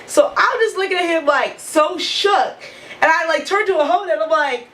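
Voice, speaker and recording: A woman vlogger with a high voice tells a storytime straight to camera. She is animated and profane, with "like" in almost every phrase. A faint hiss of noise sits under her voice. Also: moderate pace, low-quality recording. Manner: animated, profane, heavy use of "like". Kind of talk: storytime vlog.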